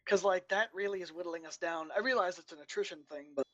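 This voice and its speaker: A player in a tabletop game who talks quickly with halting restarts and complains about the rules. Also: mid-range voice, highs cut off. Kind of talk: casual tabletop game talk.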